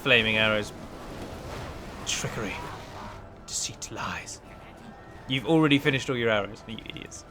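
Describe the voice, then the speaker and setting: With music playing in the background, a man with a lowish voice hosts a let's play at an unhurried pace, leaving long pauses. He chats through a strategy battle, breaking down unit stats in casual, analytical gameplay commentary.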